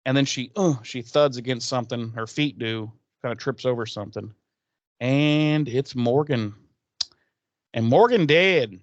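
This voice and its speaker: A man's voice: mid-range voice, unhurried, no echo. Guy on a podcast retelling an episode, acts out the lines, dry kinda dull mic. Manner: animated storytelling, acts out characters' lines. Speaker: podcast co-host. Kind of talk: casual recap chat.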